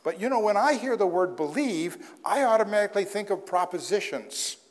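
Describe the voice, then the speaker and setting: A man's voice: high-pitched, animated, brisk, few pauses. A man preaching a sermon as pastor in a conversational way, with wry asides. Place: church sanctuary. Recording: long hall reverb.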